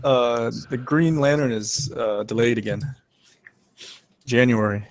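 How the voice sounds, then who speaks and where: Rambling man in casual chat. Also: mid-range voice. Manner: rambling, halting.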